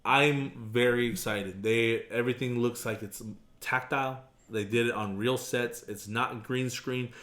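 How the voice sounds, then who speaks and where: A man co-hosting a casual podcast chat, animated and quick to laugh. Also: medium pitch. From Arizona. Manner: animated, laughs often, puts on silly voices. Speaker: podcast co-host. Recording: echoey room.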